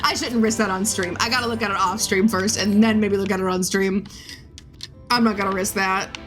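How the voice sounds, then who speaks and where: A woman's voice: mid-range voice, fairly even intonation, fairly quick, a bit bright, faint music behind. A woman streaming a game, chatting casually in a crude, rambling way and laughing often. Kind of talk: casual live-stream chat.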